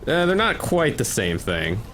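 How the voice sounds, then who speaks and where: A young American man hosting a casual voice-call chat, teasing with deadpan sarcasm and heavy swearing. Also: mid-range voice, unhurried. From United States. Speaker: streamer, channel host. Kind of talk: casual banter.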